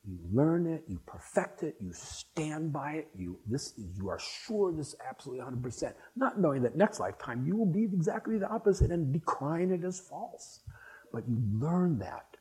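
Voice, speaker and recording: A man's voice: a little high, very animated, normal speed, dark tone, rough recording. An older man speaking to a spiritual gathering, rambling and anecdotal, with frequent restarts as he reminisces. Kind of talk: reminiscing talk to an audience.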